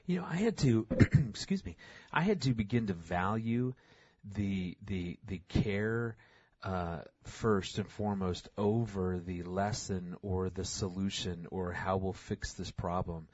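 Husky low-voiced middle-aged guy chatting, acts out quotes, dry dull sound. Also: a little slow, no room sound. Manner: animated, acts out quotes in raised voice. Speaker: podcast co-host, father. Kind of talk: casual conversational storytelling.

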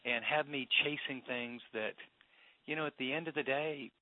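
A man's voice: mid-range voice, moderate pace. Earnest man on a tinny phone line. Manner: earnest, reflective, with many restarts. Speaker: pastor and author, guest. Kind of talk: radio interview conversation.

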